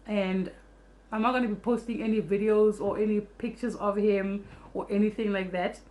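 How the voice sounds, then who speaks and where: Fast-talking woman telling a storytime vlog. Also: medium pitch. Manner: fast, animated storytelling, swears freely. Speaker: vlogger.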